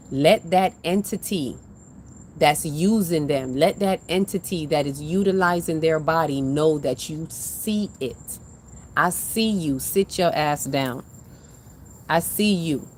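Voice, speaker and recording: A woman's voice: deep voice, a little mellow, slight background noise. A woman doing a live spiritual card reading, talking in an emphatic, repetitive, preacher-like way with casual slang.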